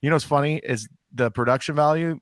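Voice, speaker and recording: A man's voice: on the high side, quick pace, no echo, clean studio sound. A man co-hosting a comedy podcast, joking in a wry, self-deprecating way and rambling with fillers. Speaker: podcast co-host. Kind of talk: casual comedy podcast chat.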